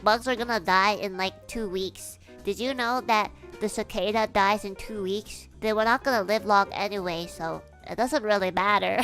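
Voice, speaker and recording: A young woman streamer tells a casual story in an animated, lively way, cursing freely and breaking into laughs. Her voice is bright and forceful, and faint music plays underneath. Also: medium pitch, moderate pace, few pauses.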